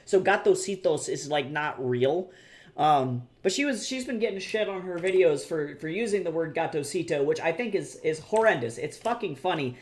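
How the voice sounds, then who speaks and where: A woman's voice: low-pitched, moderate pace. Rambling, swearing woman streamer. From United States. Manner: rambling, swearing, animated storytelling. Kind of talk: casual chat while drawing.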